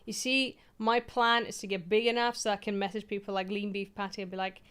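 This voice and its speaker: Speaking briskly with few pauses, this young woman has a medium-pitched, smooth, slightly bright voice and a flat delivery. She's live-streaming from a small home office, chatting away in a rambling style and teasing herself along the way.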